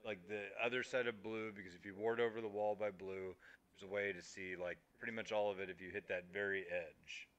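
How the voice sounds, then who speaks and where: A man's voice: on the low side, steady tone, a little fast, fairly bright tone. A man co-hosting a casual gaming podcast, explaining things in an emphatic way and swearing casually. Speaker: podcast co-host. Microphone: streaming microphone.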